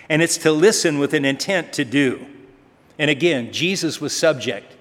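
A man's voice: on the high side, lively intonation, normal speed, fairly bright tone. A man preaching a sermon as pastor, telling stories conversationally and asking rhetorical questions. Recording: long reverb of a large hall.

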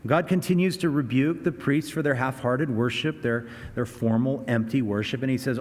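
A man's voice: medium pitch, normal speed, hardly any pauses. Earnest male pastor in a reverberant hall. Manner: earnest, animated storytelling with rising emphasis. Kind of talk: sermon. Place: church sanctuary.

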